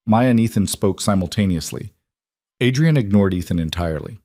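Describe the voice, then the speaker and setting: A man narrating a scripted dark romance story in a steady, even storytelling voice. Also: fairly low pitch, a little fast, dry recording, studio quality.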